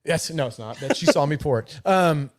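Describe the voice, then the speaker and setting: A man's voice: a little high, animated, normal speed. A middle-aged man co-hosting a live podcast in casual, talkative chat, swearing freely and laughing easily. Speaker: podcast co-host.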